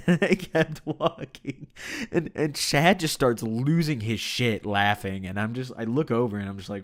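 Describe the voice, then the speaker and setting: A man's voice: medium pitch, animated, fairly quick. A young man casually telling a personal story, laid-back, swearing freely and laughing now and then, with lots of "like" and "you know". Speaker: storyteller recounting his own experience.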